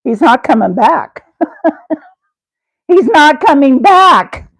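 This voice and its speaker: High-voiced, slow-talking giggly woman. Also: big pitch swings, no echo, poor audio. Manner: giggly, addresses chat viewers by name. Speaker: live stream host. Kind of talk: rambling comedic live chat.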